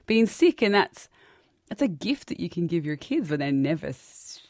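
A woman's voice: fairly low pitch, very animated, normal speed, darkish tone, no echo, studio quality. A woman in her thirties hosting a podcast, chatting casually, laughing often and restarting her sentences. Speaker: podcast host. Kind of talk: casual conversational interview.

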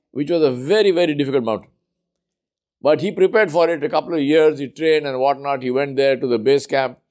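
A man's voice: a little high, darkish tone. Man preaching with emphatic repetition. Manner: emphatic, repeats words for effect. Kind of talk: sermon storytelling.

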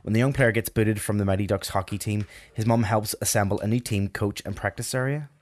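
A man's voice: lowish voice, fairly quick. A man co-hosting a casual sports podcast, talking hesitantly. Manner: hesitant, many fillers and restarts. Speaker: podcast co-host.

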